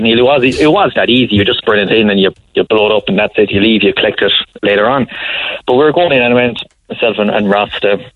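A man's voice: fairly low pitch, no room sound, narrow, tinny audio. An Irish man in his thirties calls in to a radio show and tells a long, rambling story, chuckling often and restarting his sentences. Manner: rambling, chuckling anecdote teller with many restarts. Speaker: caller. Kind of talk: casual phone-in storytelling.

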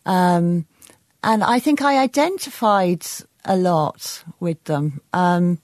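A woman's voice: on the low side, slow pace, a little mellow, dry recording. A woman novelist talking as a guest on a radio show, thoughtful and hesitant, with many fillers. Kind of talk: radio interview chat.

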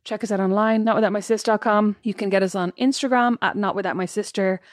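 A woman's voice: mid-range voice, steady tone, quick pace, no echo, studio quality. A woman co-hosting a podcast in casual chat, laughing and poking fun at herself. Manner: chatty, laughing, self-mocking. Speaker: podcast co-host.

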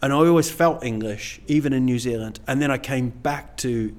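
A middle-aged stand-up comedian, speaking at normal speed in a medium-pitched voice, chats casually as an interview guest. He rambles, puts himself down, and says "you know" a lot.

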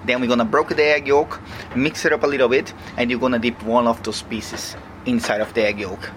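Male chef, mid-pitched voice, instructive, recorded on location in a restaurant with loud ambience and traffic. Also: fairly even intonation, fairly quick. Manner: instructive, step by step. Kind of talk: explaining a dish.

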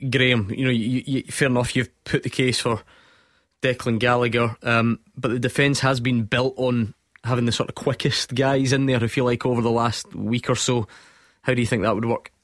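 A man's voice: medium pitch, level tone, normal speed, no room sound. A host leads a football panel and prods his guests with follow-up questions. The recording is dry and close. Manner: probing questions, steering debate. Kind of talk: studio sports discussion.

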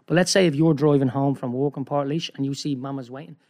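A man's voice: mid-range voice, fast. Irish man spinning a rambling yarn. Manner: rambling, animated, frequent "right?". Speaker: guest. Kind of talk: casual storytelling.

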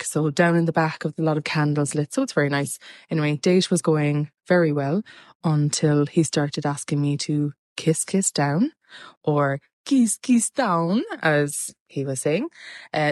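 A woman recording a voice note, telling her story in a halting, hesitant way. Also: sits low, darkish tone, no room sound, studio quality. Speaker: listener sending a voice note.

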